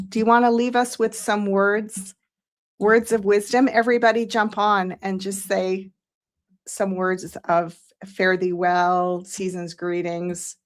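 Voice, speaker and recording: Woman host on a live stream, slow and effusive, reads comments aloud and thanks each viewer. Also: mid-range voice. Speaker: psychic show host.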